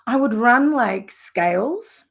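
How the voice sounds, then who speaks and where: A woman vocal coach teaching a live lesson in an enthusiastic, conversational way, with warm asides. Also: a little high, lively intonation, slow.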